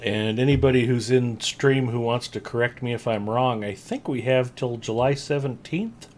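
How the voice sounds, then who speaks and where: A man hosting a live game stream, chatting casually and giving shout-outs to viewers and friends. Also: medium pitch, moderate pace, a little hiss or hum. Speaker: streamer host.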